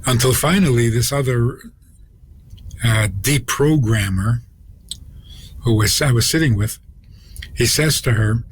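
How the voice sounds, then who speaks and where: A male rabbi tells a story on the radio at an unhurried pace, leaving long pauses between phrases. His voice sits at an ordinary middle pitch, with a faint hiss of noise behind it. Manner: slow, deliberate storytelling with pauses and acted quotes. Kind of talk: storytelling talk on a radio program.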